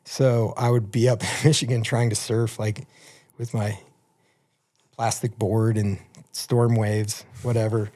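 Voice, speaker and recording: A man's voice: lowish voice, little pitch movement, measured pace, dark tone. A man in his fifties telling rambling, profane anecdotes as a guest in a casual podcast chat. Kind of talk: casual storytelling.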